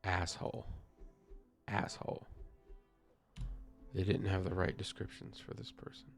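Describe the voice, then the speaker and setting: A man's voice: deep voice, little pitch movement, unhurried, gravelly, soft background music. A man streaming a game live, commenting casually and sarcastically and swearing freely.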